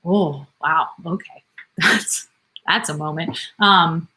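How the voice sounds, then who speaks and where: A woman's voice: low voice, slow, pushed and bright, slightly rough. A woman in her thirties, a nurse practitioner, answering viewer comments in a candid, self-deprecating live Q&A. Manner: chatty, candid and self-deprecating, with frequent laughs.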